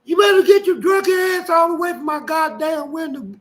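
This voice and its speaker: A man voicing a huge, furious older woman neighbor, shouting shrilly in a story. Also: normal speed. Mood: enraged. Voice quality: shrill hollering.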